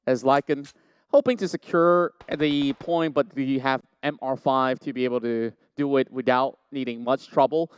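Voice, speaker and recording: A man giving live play-by-play commentary on a competitive esports match, with energetic delivery and sudden excited bursts. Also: medium pitch, normal speed, clean tone, no echo. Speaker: esports caster.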